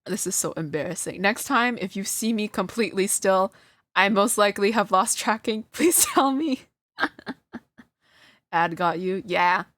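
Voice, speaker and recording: Woman streamer, lively pitch, dry close mic, flustered self-deprecating chat. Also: measured pace, dry recording. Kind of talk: casual live-stream chat.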